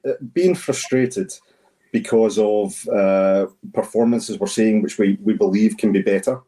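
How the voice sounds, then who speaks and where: A man talking in a measured, halting way with many fillers on a podcast. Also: lowish voice, dark tone, distant mic, poor audio. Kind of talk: casual chat.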